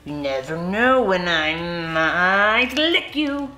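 A woman's voice: lowish voice, animated, slow pace, pushed and bright, exaggerated voice. A woman doing Mac, a scruffy slurping monster. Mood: slurping, gruff. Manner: slurping and whiny. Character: big scruffy slobbering boy monster. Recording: echoey room, faint music.

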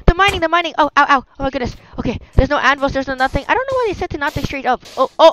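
A woman hosting a gameplay video, chatting casually and crying out in excitement whenever danger strikes. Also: sits high, racing, hardly any pauses, dry recording, rough recording. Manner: excitable, yelps and cries of no at danger. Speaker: gaming video host. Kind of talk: casual Minecraft gameplay commentary.

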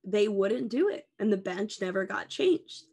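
A woman's voice: medium pitch, sing-song, unhurried, darkish tone, slight background noise. A woman in her twenties co-hosting a podcast, chatting casually and rambling playfully through goofy tangents. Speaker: podcast co-host. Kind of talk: casual comedic chat.

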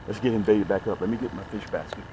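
A man hosting a casual fishing vlog, talking straight to his viewers as "guys", getting excited over each catch and promoting his own gear. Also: lowish voice, quick pace, background noise. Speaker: fishing vlogger. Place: on a boat outdoors, later in his office.

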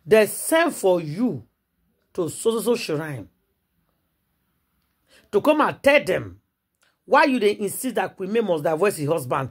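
A woman with a Nigerian accent telling celebrity gossip as an animated story, repeating words for emphasis and acting out the people she quotes. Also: mid-range voice, unhurried, long pauses, husky.

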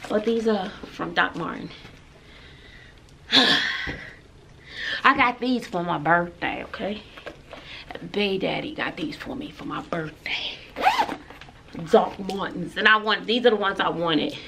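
A woman vlogging in a casual, chatty way, playful and quick to exclaim and laugh. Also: mid-range voice, gravelly, a bit bright, a little hiss or hum. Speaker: vlogger showing her outfit.

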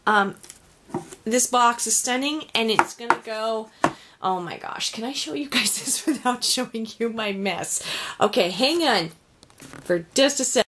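Woman, unboxing vlog, effusive, unhurried delivery, home craft room, tripod camera. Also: a little high, expressive, slight background noise. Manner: gushing, effusive, softly exclaiming. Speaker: crafter opening a swap gift.

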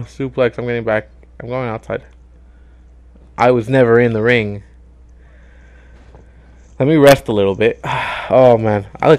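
A young man giving casual gameplay commentary as a YouTuber, excitable, swearing and yelling at the game. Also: mid-range voice, moderate pace, long pauses. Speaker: gaming YouTuber.

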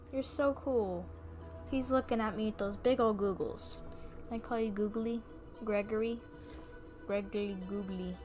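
Streaming a video game, a young woman keeps up playful, chatty commentary, often exclaiming and talking to the creatures on screen. Her voice is a little high.

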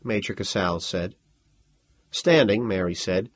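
Male audiobook narrator, husky and dry, expressive storyteller. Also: on the low side, normal speed, dry recording. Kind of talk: scripted narration.

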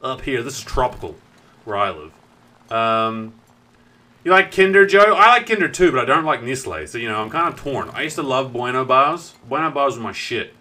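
A young South Island New Zealander with a strong southern accent talks casually while gaming on a live stream. He keeps breaking off his story to say hi to viewers and swears without much thought, his lively, bright voice pitched in the middle and paced moderately.

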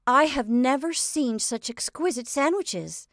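A woman's voice: fairly high pitch, expressive, normal speed, dry recording, clean studio sound, pitched above the performer's own voice. A woman reading a story aloud, voicing a practical, effusive younger sister. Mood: gushing.

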